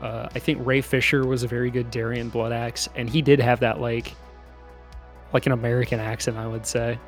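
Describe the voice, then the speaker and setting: A man talks loosely through a casual podcast chat, with lots of "like" and "uh" as he goes. His pitch sits in a middling range. Soft music plays faintly underneath. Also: level tone, a little fast. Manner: chatty, loose, full of "like" and "uh" fillers. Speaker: podcast co-host. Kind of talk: casual chat about a movie.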